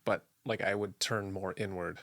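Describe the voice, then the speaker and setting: Low-voiced man asking casual questions. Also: fairly even intonation, normal speed, a bit bright, dry recording, clean studio sound. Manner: casual, asks skeptical follow-up questions. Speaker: podcast co-host. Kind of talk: casual parenting podcast chat.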